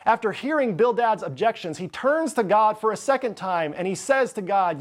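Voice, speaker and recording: A man's voice: high-pitched, moderate pace, hardly any pauses. A man preaching a sermon as pastor, reading scripture passages with dramatic delivery. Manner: expressive, reads scripture dramatically.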